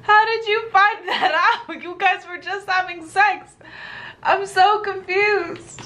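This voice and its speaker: A woman's voice: very high-pitched, steady tone, slow, noisy background. A woman hosting a reaction video, commenting casually with incredulous exasperation.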